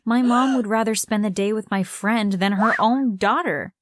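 Brief: woman narrator, first-person story read with drama, mid pitch, noise plainly audible behind her. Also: normal speed. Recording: clear background noise.

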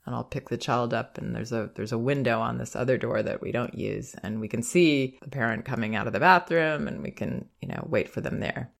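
A woman hosting a parenting advice podcast, speaking in a calm, gentle and reflective way, with soft laughs. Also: a bass voice, a little fast, vocal fry, few pauses. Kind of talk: advice monologue.

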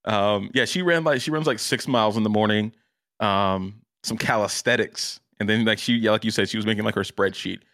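A man's voice: fairly low pitch, a little fast, a bit bright, no echo, studio quality. A man co-hosting a casual anime podcast, laid-back, swearing and laughing often. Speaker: podcast co-host.

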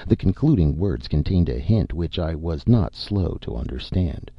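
A man narrating a story in the first person, expressive and melodramatic. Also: very deep voice, creaky, breathy edge, no room sound, muffled recording. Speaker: audiobook narrator.

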